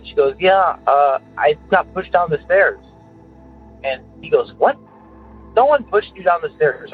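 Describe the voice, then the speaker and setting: A man from Illinois rambles through a story over a tinny phone line with faint music underneath. His voice is husky and a little breathy. He keeps the telling loose and casual, padded with "uh" and "anyways". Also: medium pitch. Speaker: caller. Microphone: telephone.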